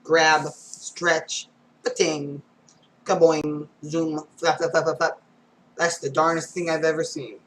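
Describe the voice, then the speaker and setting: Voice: mid-range voice, little pitch movement, takes it slowly, a little hiss or hum, rough recording. A reader going through comic strips aloud, reading every panel and sound effect, with casual asides.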